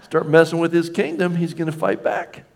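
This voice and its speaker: A middle-aged man preaching a sermon as a pastor, animated and conversational, acting out little scenes with jokey asides. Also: fairly high pitch, normal speed.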